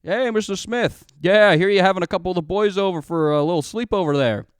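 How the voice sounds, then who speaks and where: A man's voice: high-pitched, clear, resonant tone, no echo, studio quality, voice pushed up, natural voice. A man putting on a jovial folksy dad. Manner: loud, jovial, drawn-out folksy phone greeting. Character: cheery folksy middle-aged dad on the phone.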